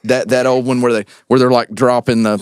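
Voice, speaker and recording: A young man, a podcast guest and actor, telling stories in an animated, casual way with frequent laughs and quick asides. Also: mid-range voice, clean tone, dry recording, studio quality. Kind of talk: casual storytelling.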